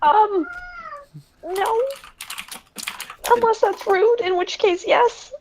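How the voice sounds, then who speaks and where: A man putting on a squeaky, timid young woman. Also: very slow, a little hiss or hum, heavily acted, rough recording. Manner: hesitant and eager to please.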